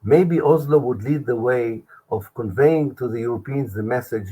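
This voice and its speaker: An older man, a historian giving an earnest interview answer over a video call, halting with many restarts. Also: mid-range voice, warm tone, husky, low-quality recording. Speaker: historian guest.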